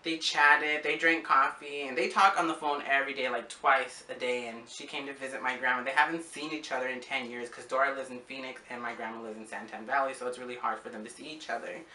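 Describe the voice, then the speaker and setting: A young man from Arizona talks through his year in a loose, rambling way, full of fillers and little restarts. His voice is bright and edged. The room around him rings with noticeable echo. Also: mid-range voice, fairly even intonation, quick pace, hardly any pauses, far from the mic, slight background noise. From Arizona, USA. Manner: rambling, with frequent fillers and acted-out quotes. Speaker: vlogger. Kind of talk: casual personal storytelling. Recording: echoey room.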